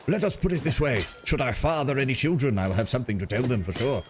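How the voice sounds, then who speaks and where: A man's voice: medium pitch, fast, background noise, pitched above the performer's own voice, lightly acted. A man voicing a pompous, proud male mercenary captain with a put-on British accent and grand, boastful speech.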